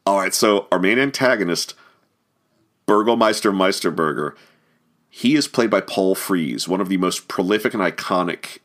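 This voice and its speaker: Man, very deep voice, film commentary, rambling, lots of fillers. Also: animated, moderate pace, a bit bright. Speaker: commentary host.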